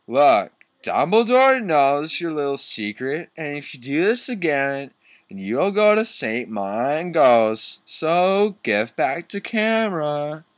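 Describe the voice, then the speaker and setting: A man voicing a protective, brooding gothic young man who makes demands in drawn-out words. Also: a little high, very animated, dry recording, pitched above the performer's own voice. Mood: demanding.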